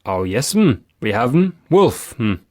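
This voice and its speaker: A man's voice: mid-range voice, sing-song, measured pace, no room sound, studio quality. A man voicing a nervous, deferential male steward who answers in a hesitant, unsteady way.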